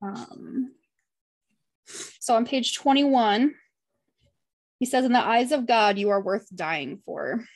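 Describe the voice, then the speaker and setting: A woman's voice: fairly high pitch, takes it slowly, long pauses. A woman leading a casual Bible study, reading passages aloud and talking about them in an earnest, heartfelt way. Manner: earnest and heartfelt, chatty with frequent "like".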